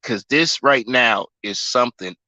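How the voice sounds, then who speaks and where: A man's voice: medium pitch, measured pace, bright, forceful tone, no echo, poor audio. A man in his forties ranting in casual chat on a sports livestream, fuming, swearing and emphatic. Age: 40s.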